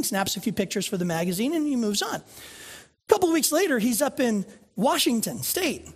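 A man's voice: extremely high pitch, big pitch swings, a little fast, breathy edge. A male pastor preaching a conversational sermon, telling stories and asking the congregation questions. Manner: conversational, storytelling, rhetorical questions. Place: church sanctuary.

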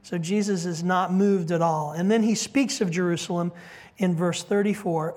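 A preacher giving an expository sermon, talking in an animated way that swings between loud emphasis and hushed quiet, and asking the congregation direct questions. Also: medium pitch, moderate pace. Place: church service with a congregation.

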